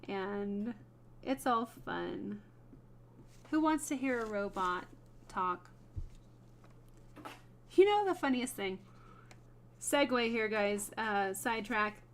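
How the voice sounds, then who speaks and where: A woman hosting a wood burning livestream, chatting casually with viewers by name and laughing often while she works. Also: on the high side.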